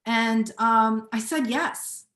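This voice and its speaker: A woman's voice: on the high side, slow, a bit bright, roomy sound. A woman in her forties giving an earnest, emphatic testimonial over a video call, often repeating herself for emphasis. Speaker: community member sharing a testimonial.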